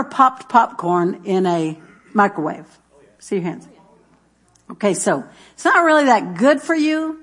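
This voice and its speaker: A woman's voice: medium pitch, animated, a little slow, fairly bright tone. A woman preaching in a church, chatty and folksy, telling homey stories and reading scripture between laughs. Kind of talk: sermon with jokes and scripture reading.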